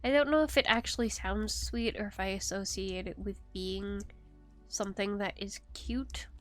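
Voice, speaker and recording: A woman's voice: mid-range voice, normal speed, a bit bright, soft background music. A young woman streaming live, chatting casually with her viewers, giggling often and teasing them playfully.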